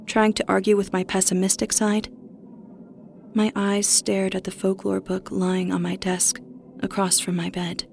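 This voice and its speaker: A woman reading a first-person horror story as narrator, steady with a tense edge. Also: medium pitch.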